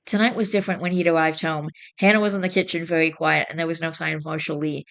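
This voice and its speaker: A woman reading a novel aloud in a plain, steady storytelling manner, with small slips along the way. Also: low-pitched, fast, creaky. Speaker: reader.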